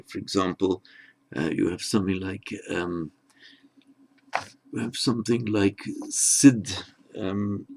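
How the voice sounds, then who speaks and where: Male language teacher, low gravelly voice, very slow, halting lecture delivery. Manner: patient, halting, with many restarts and fillers. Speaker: Sanskrit teacher. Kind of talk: unhurried grammar lecture.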